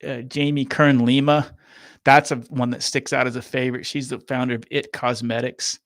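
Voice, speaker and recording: A man talking as a podcast guest about people he has interviewed, in a halting way with many restarts. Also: medium pitch, little pitch movement, a bit bright, no echo, clean studio sound. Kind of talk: casual chat.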